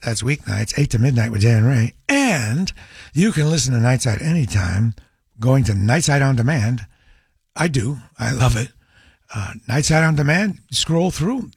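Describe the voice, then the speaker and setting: A man's voice: mid-range voice, vocal fry, husky, dry recording, clean studio sound. A man hosting a live radio talk show, easygoing and friendly as he steers callers along. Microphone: studio microphone.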